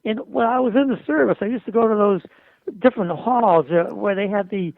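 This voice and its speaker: A man's voice: high-pitched, fairly quick, creaky, dry recording. Older man telling stories, tinny line. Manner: colorful, animated anecdotes with quoted dialogue. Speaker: interview guest. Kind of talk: storytelling in a conversation. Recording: dry, tinny phone-like audio.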